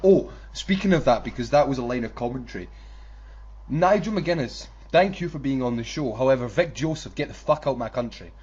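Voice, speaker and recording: A man's voice: medium pitch, expressive, a little fast, a little mellow, breathy edge. A man, co-hosting a casual wrestling podcast, swearing and laughing as he mocks commentators. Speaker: podcast co-host. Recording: dull lo-fi audio with faint noise.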